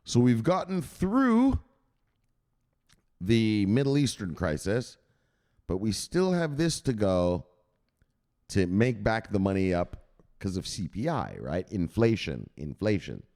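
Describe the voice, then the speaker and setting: A man with a lowish voice hosts a crypto news channel, explaining a price chart in a loose, offhand way. His pitch swings widely as he talks, and he swears freely along the way. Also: slow. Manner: animated, swears freely, mocks imagined viewers in a high squeaky voice. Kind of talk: casual explainer talking over a chart.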